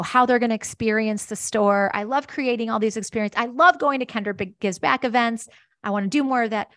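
Middle-aged woman founder, enthusiastic interview guest, slightly high voice, dry close sound. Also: a bit bright, dry recording. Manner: enthusiastic, acts out quoted voices, laughs easily. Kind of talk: animated conversational interview answer.

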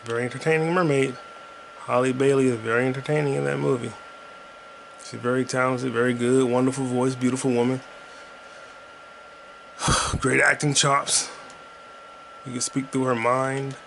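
A man's voice: medium pitch, little pitch movement, normal speed, vocal fry, pauses often, a bit bright, a little hiss or hum. A man hosting a podcast, chatting casually and profanely while he plays a video game. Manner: rambling, profane, jokey. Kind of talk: casual gaming commentary.

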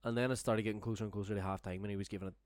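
A young man spins a meandering, foul-mouthed anecdote in relaxed podcast chat. His voice sits low, and the sound is dry and close with no room around it. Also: racing, no room sound. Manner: rambling, sweary, laughing storyteller. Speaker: storyteller guest.

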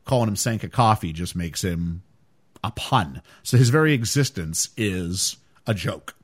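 A man's voice: lowish voice, expressive, measured pace. A man hosting a podcast, chatting casually and animatedly about a film, with frequent fillers. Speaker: podcast host.

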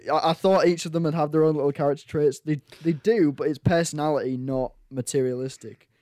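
Laid-back young man, slightly high. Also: quick pace, no room sound, clean studio sound. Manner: relaxed, agreeable, laughing along. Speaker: podcast co-host. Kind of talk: casual film discussion.

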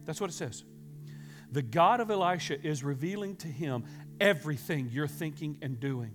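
Male pastor, higher-pitched, dramatic storyteller, church music playing beneath the sermon. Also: normal speed. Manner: dramatic retelling, swings from hushed to loud and fervent.

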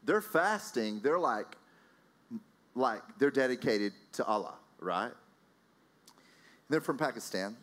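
A man preaching in a conversational storytelling style, his pitch swinging widely as he recounts events. He talks loosely, with many fillers and self-corrections, like a pastor chatting from the pulpit. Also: slow pace, long pauses. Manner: animated, anecdotal, many fillers and restarts. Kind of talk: sermon storytelling.

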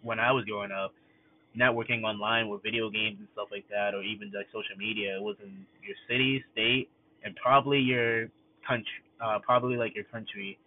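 A man's voice: fairly low pitch, steady tone, fairly quick. A young man talking in a casual, rambling monologue, full of fillers and restarts. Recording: tinny phone-like audio, faint noise.

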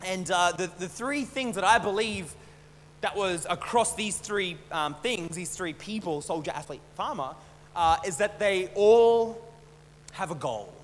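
High-voiced pastor in a reverberant hall. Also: male voice, lively intonation, measured pace. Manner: casual, repeats and restarts words. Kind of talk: conversational sermon. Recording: long hall reverb, faint hum.

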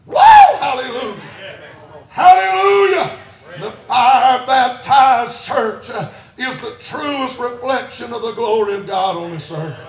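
A man preaching a fiery sermon in church, shouting and chanting his lines, out of breath at times. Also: very high-pitched, unhurried, few pauses, echoey room. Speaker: pastor.

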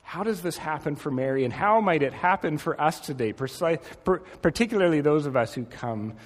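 Man, pastor, gentle reflective sermon, slightly high voice, long hall reverb. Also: animated. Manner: gentle, reflective, slows and softens on key phrases.

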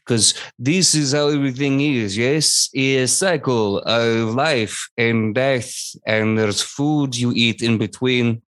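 A man's voice: mid-range voice, fairly bright tone. Give me a man playing an odd, cheery necromancy teacher with choppy, broken phrasing. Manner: halting broken phrasing, quirky.

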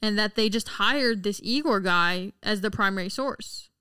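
A woman's voice: medium pitch, moderate pace, pushed and bright, smooth, no echo, studio quality. A woman co-hosting a casual political podcast, joking and swearing, and reading news items aloud. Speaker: podcast co-host.

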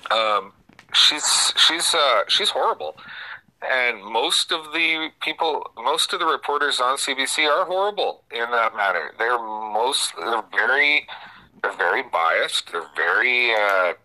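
A man hosting talk radio, speaking in a halting, opinionated way with many restarts. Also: medium pitch, animated, sharp tone, low-quality recording. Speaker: radio talk show host.

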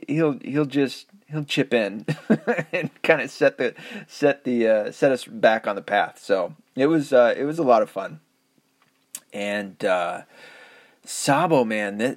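Recorded dry and at studio quality, a middle-aged man with a lowish voice hosts a podcast. He rambles through a relaxed solo monologue packed with swearing, chuckles and self-mocking asides.

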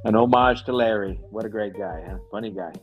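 A man's voice: fairly low pitch, a little fast, highs cut off, faint music behind. A man hosting a casual podcast chat, rambling with lots of fillers. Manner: rambling, laid-back, frequent fillers. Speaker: podcast host.

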